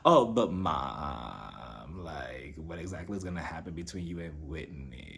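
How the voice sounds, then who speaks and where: A man voicing a young adult son who talks in a flat, low, quiet mumble. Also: a little slow, creaky, full character voice. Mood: deadpan.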